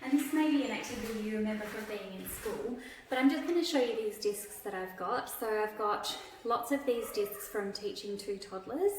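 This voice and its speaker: A woman's voice: mid-range voice, moderate pace. A young adult woman, a literacy educator patiently explaining a classroom activity step by step with examples. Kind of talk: instructional video demonstration. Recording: echoey room, voice from a distance, faint noise.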